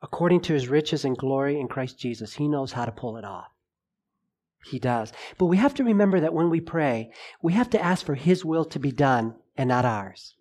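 A middle-aged man preaching a sermon, telling a personal story with lively acted-out dialogue. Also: mid-range voice, normal speed. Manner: animated storyteller, acts out dialogue.

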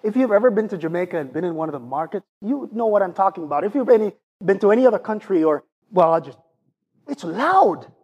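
A man preaching a sermon in an animated, conversational way, often turning to ask his congregation questions. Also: sits high, fast, breathy edge.

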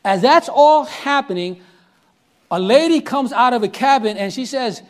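A man's voice: high-pitched, normal speed. A middle-aged man preaching, telling a story animatedly and acting out the voices, often asking listeners if they are following. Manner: animated, acts out voices in quotes, asks the audience if they follow. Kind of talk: sermon storytelling.

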